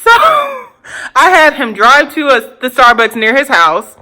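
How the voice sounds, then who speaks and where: A woman's voice: sits high, huge pitch swings, slow, pushed and bright, faint music behind. A woman in her twenties casually telling a storytime tale to her viewers, blunt and profane, laughing often. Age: 20s. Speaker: vlogger.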